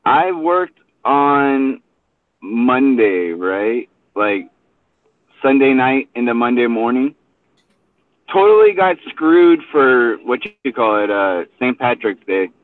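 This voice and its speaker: Between rideshare pickups, a male host chats from his car, rambling in a relaxed way and saying "dude" often. His medium-pitched voice is animated and slow, with no echo, over tinny phone-line audio.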